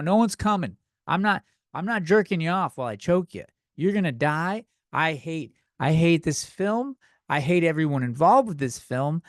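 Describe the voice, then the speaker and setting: A tipsy man hosting a comedy podcast, ranting loudly and repeating himself. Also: high voice, no echo, studio quality. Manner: drunk, loud outbursts, repeats himself. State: tipsy from beer. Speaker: podcast host. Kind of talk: comedic rant.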